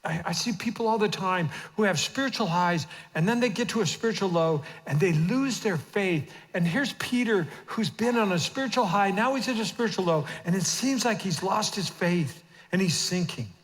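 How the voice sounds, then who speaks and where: A man in his fifties preaching a sermon as senior pastor in a church auditorium, moving from hushed asides to shouted emphasis. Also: high voice, expressive, normal speed, few pauses. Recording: long reverb of a church hall.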